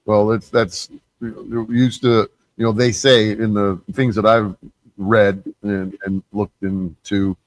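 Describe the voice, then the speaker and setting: A man's voice: lowish voice, little pitch movement, slow, no echo, poor audio. A man in a casual panel discussion who speaks hesitantly, restarting his sentences. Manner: hesitant, many fillers and restarts.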